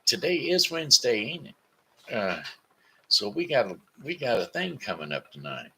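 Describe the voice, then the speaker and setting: A man's voice: mid-range voice, big pitch swings, moderate pace, bright, forceful tone, husky. A man hosting a casual live stream, folksy and rambling with sing-song asides. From Missouri. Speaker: host.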